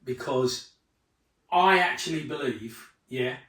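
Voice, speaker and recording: A man's voice: mid-range voice, takes it slowly, fairly bright tone. A man interviewing a guest in a loose, chatty way, often adding "yeah" and restarting his sentences. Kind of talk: casual conversational interview. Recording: very echoey room, mic far away.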